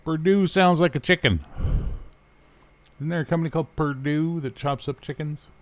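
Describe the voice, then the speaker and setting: A man's voice: fairly high pitch, moderate pace, no echo. A man from Canada hosting a casual chat show, rambling sarcastically and swearing freely while he answers viewers. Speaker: talk show host. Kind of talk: casual livestream chat reading viewer comments.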